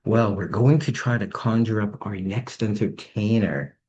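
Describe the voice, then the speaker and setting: A man's voice: lowish voice, a little slow, a little mellow, slightly rough. A man hosting a magic show, introducing acts with grand rhyming announcements. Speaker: show host. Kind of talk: showman introductions. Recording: dull lo-fi sound.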